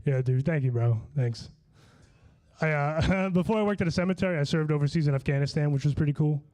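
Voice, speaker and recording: Brisk and dark-toned with a voice on the high side, a man from Long Island, New York works through a stand-up set. He's slightly drunk and slurring, rambling loosely, swearing, and restarting his lines.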